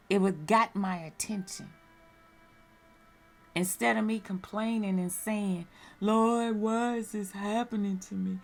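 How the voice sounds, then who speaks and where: A woman's voice: lowish voice, vocal fry. A woman sharing a personal religious testimony, speaking earnestly and candidly and repeating phrases for emphasis.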